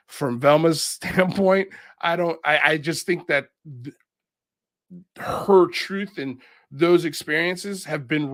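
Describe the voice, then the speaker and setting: With a medium-pitched voice, a man hosting a livestream reads out chat and rambles on casually. His delivery is animated, peppered with fillers and laughter. The recording has studio quality and no room sound.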